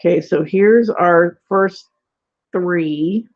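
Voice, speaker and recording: A woman's voice: on the low side, very slow. A woman teaching a casual online tarot class, talking in a rambling, chatty way with lots of "like"s and frequent laughs. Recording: dull lo-fi webinar audio.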